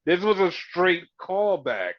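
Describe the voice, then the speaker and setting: A man hosting a podcast, chatting casually and excitedly with many fillers as he recaps a wrestling show. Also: sits high, slow, no room sound. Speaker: podcast host. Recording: dull lo-fi sound.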